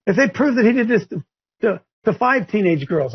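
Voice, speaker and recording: Fired-up gravelly guy preaching on his show, kinda high voice, dull lo-fi sound. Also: fast talker. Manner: fiery and preachy, rising to shouts and high mocking voices. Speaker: show host. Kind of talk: impassioned talk show rant.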